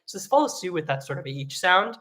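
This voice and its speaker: A singing teacher giving an online vocal lesson, explaining technique in a relaxed way with frequent fillers. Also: mid-range voice, quick pace.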